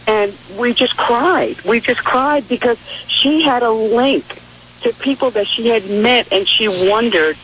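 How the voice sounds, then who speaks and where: A woman's voice: fairly high pitch, unhurried, slightly rough. A woman from New York City calling in to a talk radio show, telling a heartfelt story. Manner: heartfelt storyteller, lively voices when quoting. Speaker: caller. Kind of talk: phone-in call to talk radio. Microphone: telephone. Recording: tinny phone line with faint hiss.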